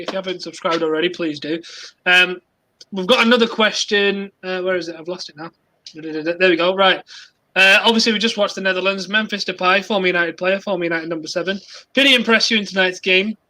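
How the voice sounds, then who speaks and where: A man's voice: sits high, fast talker, bright, forceful tone. A man hosting a casual football chat, joking and taking charge. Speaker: host.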